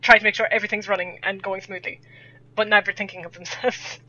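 Podcast guest: woman with a West of Ireland accent, chatty and rambling, bright tone, dull lo-fi sound with faint hum. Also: mid-range voice, flat delivery, quick pace. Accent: West of Ireland, Sligo. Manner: chatty, rambling, laughs often. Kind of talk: casual podcast chat.

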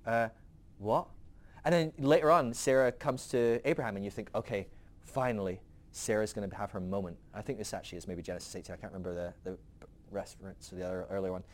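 A man's voice: on the low side, fast. A man hosting a podcast who teaches from the Bible in a casual storytelling way, laughing often.

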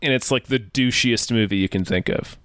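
A man co-hosting a casual movie-review chat, measured, often restarting his words. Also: medium pitch, a bit bright, no room sound, studio quality. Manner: measured, with repeated starts. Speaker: podcast co-host.

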